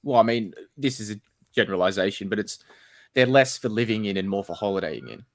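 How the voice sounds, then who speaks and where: A man's voice: fairly low pitch, animated, fast talker. An Australian man co-hosting, joking and bluntly bantering in casual chat. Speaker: co-host.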